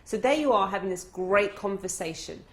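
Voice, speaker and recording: Animated woman telling a coaching story. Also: mid-range voice, normal speed, slightly rough. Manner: animated anecdotal storyteller, conversational. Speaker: dating coach. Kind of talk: storytelling lesson.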